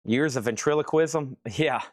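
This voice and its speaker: With a slightly high voice and an unhurried pace, this man hosts a live record sale in a dry recording. Between auctions he rambles and jokes at his own expense, calling out lots and their start prices.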